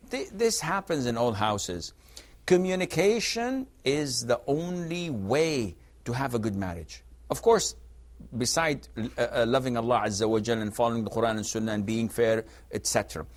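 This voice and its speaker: A man's voice: mid-range voice, moderate pace. Emphatic male scholar answering questions. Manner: lively, emphatic, acts out quoted dialogue. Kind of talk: TV call-in religious advice.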